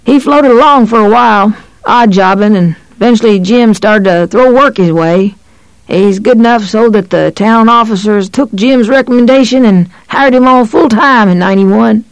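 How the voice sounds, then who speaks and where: An audiobook narrator reading a novel in an even, measured way. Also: medium pitch, creaky, smooth, no room sound, poor audio. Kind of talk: scripted narration of a horror novel.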